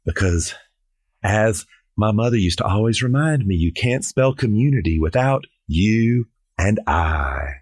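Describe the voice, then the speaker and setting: A man's voice: fairly low pitch, animated, a little slow, darkish tone, no room sound, clean studio sound. A middle-aged man from South Carolina, a drag performer chatting on a podcast in a playful, theatrical, jokey way. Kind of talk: casual podcast chat.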